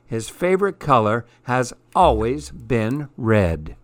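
A fussy, doting hairdresser father from a picture book, fretful and slow-spoken, as a man reading aloud voices him. The sound is dry and close. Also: medium pitch, very animated, dry recording. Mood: delighted.

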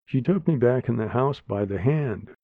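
A man narrating a story aloud in a slow, plain manner. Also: medium pitch, animated, vocal fry, no echo. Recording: dry, tinny phone-like sound.

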